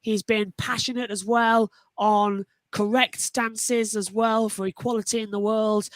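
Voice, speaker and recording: A woman's voice: medium pitch, unhurried, no echo. Enthusiastic woman gushing on a panel. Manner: enthusiastic, animated, frequent restarts. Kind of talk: casual panel discussion.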